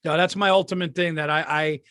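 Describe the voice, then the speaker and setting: A man's voice: on the high side, steady tone, a little fast, fairly bright tone, no room sound, studio quality. A man co-hosting a podcast, bantering casually with laughter and swearing. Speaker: podcast co-host. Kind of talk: casual chat.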